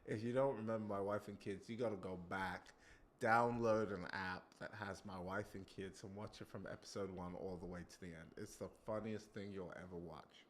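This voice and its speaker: A male preacher giving an animated sermon, acting out quotes and breaking off to comment on himself. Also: low-pitched, normal speed. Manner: animated, acts out quotes, self-interrupting.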